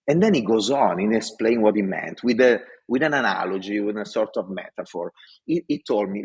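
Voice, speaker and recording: A man's voice: fairly low pitch, brisk, slightly rough, low-quality recording. A man in his forties from Italy, with an Italian accent, passionately telling stories as a podcast guest. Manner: passionate, animated storyteller. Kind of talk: interview storytelling.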